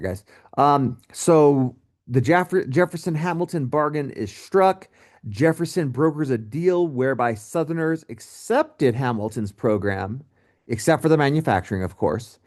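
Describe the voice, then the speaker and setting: A male teacher talks through a recorded history lecture in a relaxed, joking way. His pitch moves a lot, rising and falling through every sentence. He keeps throwing in asides to his students.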